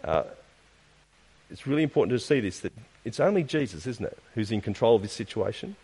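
A man's voice: lowish voice, animated, fairly quick, a little mellow, husky. A man preaching a sermon, posing rhetorical questions and tagging points with "isn't it?". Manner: asks rhetorical questions with frequent tag questions. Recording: long reverb of a large hall.

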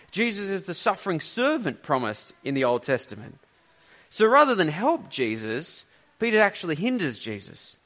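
A man's voice: high voice, a bit bright. A man preaching a sermon, teaching earnestly and conversationally with rhetorical questions.

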